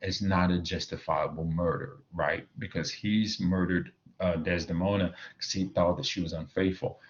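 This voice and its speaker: A man's voice: deep voice, steady tone, moderate pace, dull audio. A man teaching a recorded video lecture, explaining a play with many fillers and asides of "right?" and reading quoted lines aloud.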